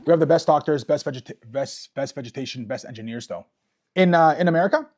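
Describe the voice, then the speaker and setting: A man's voice: fairly high pitch, animated, fast, darkish tone, faint music behind. A man giving rambling, casual commentary while playing a video game and chatting with viewers. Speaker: let's play streamer.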